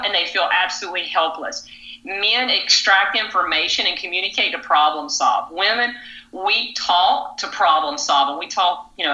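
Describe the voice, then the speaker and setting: A woman relationship coach giving measured, advisory talk on a podcast. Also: mid-range voice, bright, forceful tone, highs cut off. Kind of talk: podcast discussion. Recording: roomy echo.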